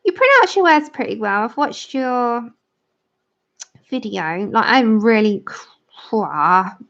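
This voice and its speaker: A woman's voice: fairly high pitch, sing-song, takes it slowly, fairly bright tone. A British woman hosting a livestream, chatting casually with viewers while colouring, laughing often and answering comments. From Britain. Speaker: livestream host. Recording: dull lo-fi stream audio.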